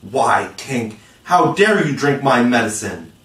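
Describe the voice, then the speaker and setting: A man voicing an excitable, cocky young boy hero in a storybook reading, calling out loud and urgent. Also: mid-range voice, slow. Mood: defiant. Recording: roomy, distant mic.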